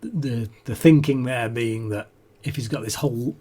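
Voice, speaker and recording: A man's voice: medium pitch, moderate pace, mellow. A man co-hosting a podcast, recapping a TV episode in casual chat, laughing often and restarting sentences. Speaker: podcast co-host.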